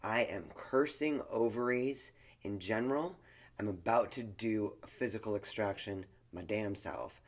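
A woman's voice: very deep voice, a little slow. A woman co-hosting a podcast in casual chat, candid and joking, laughing often. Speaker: podcast co-host.

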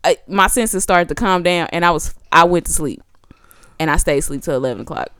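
A woman's voice: fairly low pitch, a little fast, a bit bright, clear, resonant tone, no room sound, studio quality. A woman telling a story in casual chat, acting out her own panicked lines.

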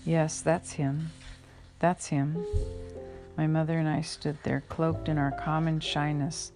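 A woman reading her memoir aloud in an unhurried, reflective way, now and then stopping to correct a slip. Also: sits low, darkish tone. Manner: unhurried, reflective, with occasional slips and rereads. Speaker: memoir reader.

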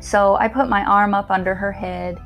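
A woman telling a personal story about losing a friend, in a halting, emotional way with many fillers. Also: mid-range voice, fairly even intonation, lo-fi sound, faint music behind. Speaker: storyteller sharing a personal loss. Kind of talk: casual spoken recollection.

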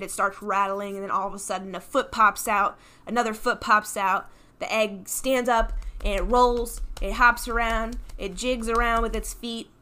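A woman co-hosting a comedy podcast, recapping a film in a casual, animated way with lots of fillers. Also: mid-range voice. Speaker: podcast co-host. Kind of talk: casual stoner movie recap.

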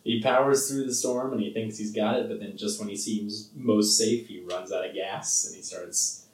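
A man's voice: lowish voice, fairly even intonation, normal speed, darkish tone, recorded from a distance. A man co-hosting a podcast, rambling casually about a film with lots of fillers and laughs. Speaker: podcast co-host. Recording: roomy sound from off the mic.

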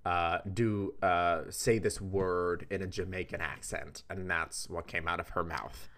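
Chatty young man with a very deep voice. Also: steady tone, a little slow, a bit bright. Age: 20s. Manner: chatty, rambling with fillers. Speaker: podcast co-host. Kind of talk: casual chat. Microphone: video call.

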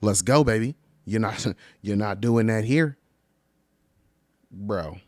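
A man casually ranting about travel stories, profane and animated, acting out the people he quotes. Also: slow, no echo, studio quality. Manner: animated, profane, acts out quoted people with big pitch jumps. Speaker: vlogger. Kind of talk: casual storytelling rant.

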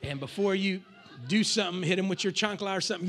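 A male pastor preaching a lively sermon to his congregation, with call-and-response and acted asides. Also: high voice, quick pace.

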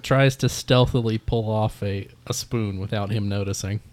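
A man narrating as game master of a tabletop game, in a relaxed, halting way. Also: on the low side, dry recording.

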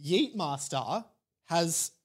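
A person co-hosting a comedy podcast, bantering in quick, giggly casual chat. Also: mid-range voice, expressive, slightly rough. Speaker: podcast co-host.

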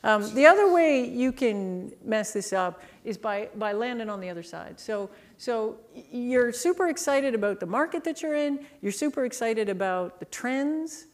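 Animated Canadian woman telling business stories. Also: fairly high pitch, normal speed, hardly any pauses. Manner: animated, acts out people in her anecdotes. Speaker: speaker on market positioning. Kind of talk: storytelling keynote talk.

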